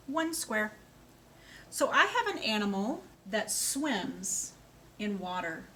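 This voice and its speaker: A woman speech therapist giving a slow, clear lesson to a young child, praising answers and asking simple questions. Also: mid-range voice, fairly bright tone, slight background noise. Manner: slow, clear, sing-song and encouraging, with animal sounds.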